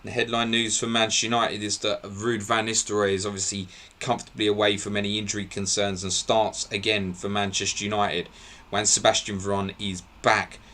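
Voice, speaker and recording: A man hosting a live football podcast, briskly reeling off team line-ups and laughing at his own slips. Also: lowish voice, flat delivery, pushed and bright. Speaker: podcast host.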